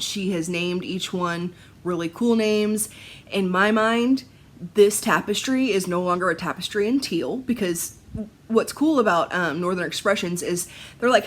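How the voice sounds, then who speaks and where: Woman, home cross-stitch vlogger, husky and breathy, bubbly and rambling, laughs a lot. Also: lowish voice, unhurried. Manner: excitable, laughs often, rambling asides. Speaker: Flosstube vlogger. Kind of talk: casual chatty vlog. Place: at home, seated in a chair.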